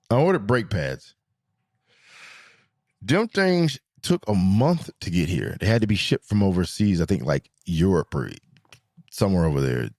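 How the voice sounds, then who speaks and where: A young adult man telling stories in a casual vlog, joking and profane, jumping between high squeals and low mutters. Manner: animated, swings from high squeals to low mutters for comic effect. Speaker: vlogger. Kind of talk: casual storytelling monologue.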